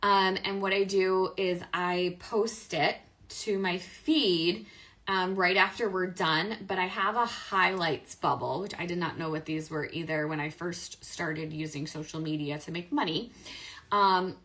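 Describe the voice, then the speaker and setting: An upbeat woman chats through a live stream, answering viewer questions. Her voice is bright and a little low for a woman. She talks casually and corrects herself often. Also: steady tone, unhurried. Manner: chatty and upbeat, many fillers and self-corrections. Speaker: host of a live stream on affiliate marketing.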